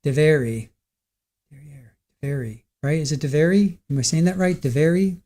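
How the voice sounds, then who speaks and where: A man's voice: a little high, moderate pace, warm tone. A man hosting a live trial stream, chatting casually and rambling as he practices a name aloud.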